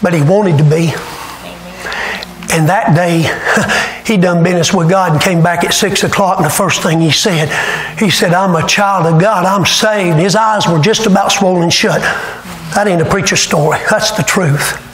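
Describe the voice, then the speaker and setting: Inside a church sanctuary, a high-pitched man preaches at a moderate pace, the room echoey with faint ambience. He's a fervent storyteller at a revival, climbing up to shouting.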